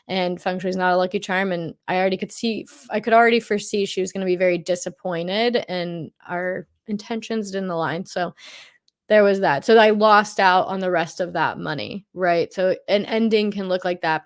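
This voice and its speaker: Chatty woman presenting a feng shui forecast. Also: lowish voice. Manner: chatty, thinks aloud, repeats phrases while searching for words. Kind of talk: presenting a monthly forecast over slides.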